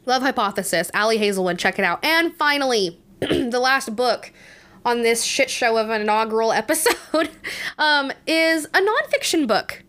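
Her voice is a little high, animated, and a bit bright, at normal speed. She's a young podcast host reviewing books casually, sounding congested and chatty, restarting often, using lots of fillers, and laughing frequently.

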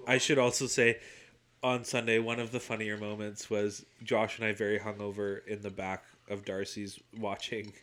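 A man's voice: on the low side, level tone, normal speed. A man co-hosting a casual sports podcast, joking, swearing and laughing. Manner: jokey, swears, laughs loudly. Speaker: podcast co-host.

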